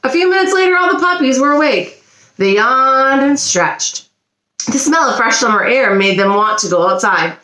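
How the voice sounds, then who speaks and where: Animated woman reading a storybook aloud. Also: high voice, normal speed. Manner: animated, expressive. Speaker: teacher. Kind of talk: children's storybook read-aloud. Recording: roomy echo.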